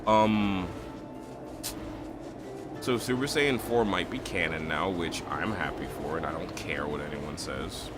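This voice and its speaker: A man streaming in a casual chat, excitable and retelling anime scenes with big voices. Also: low voice, unhurried, pauses often, loud music behind the voice.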